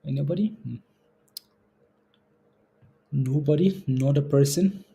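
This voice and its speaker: A man's voice: fairly high pitch, slow, vocal fry, warm tone. Chatty man hosting a trading stream. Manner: chatty, chuckles often, talks to chat viewers. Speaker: stock trading livestream host. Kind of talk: casual live market commentary.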